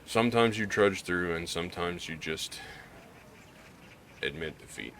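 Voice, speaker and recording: Low-voiced man with a slight Southern drawl. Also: lively intonation, unhurried, a bit bright, a little hiss or hum. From Missouri, US Midwest. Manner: rambling, candid, with many restarts and fillers. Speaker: gaming YouTuber. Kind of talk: casual gaming vlog commentary.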